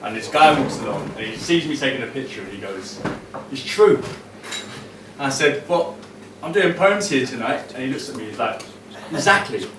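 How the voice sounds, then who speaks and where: A man's voice: medium pitch, expressive, fairly quick. A man from Britain, a poet, chatting with a live audience and performing his poems with a rhythmic delivery. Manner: chatty and self-deprecating, then rhythmic declaiming. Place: live event venue. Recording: echoey room, distant mic, noisy.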